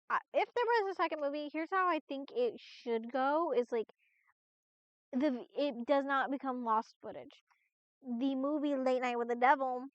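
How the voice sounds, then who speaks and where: A woman's voice: high-pitched, no echo. A woman streamer chatting casually on a live stream, rambling with lots of restarts and fillers and the odd swear. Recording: dull, lo-fi, dry stream audio.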